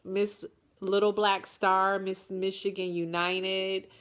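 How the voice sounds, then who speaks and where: A woman's voice: medium pitch, flat delivery, a bit bright, smooth. A woman in her forties from Detroit, chatting casually as she answers viewer comments, rambling with lots of ums and playful self-mockery. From Detroit, USA. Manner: unhurried and rambling, with frequent ums and restarts. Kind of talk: casual live chat reading comments.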